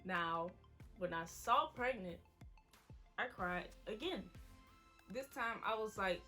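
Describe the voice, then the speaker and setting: Woman, mid-twenties, bright voice, casual story-time vlog, faint music underneath. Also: medium pitch, lively intonation, slow pace, pauses often. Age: 20s. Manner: casual, quoting people in her story. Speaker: vlogger.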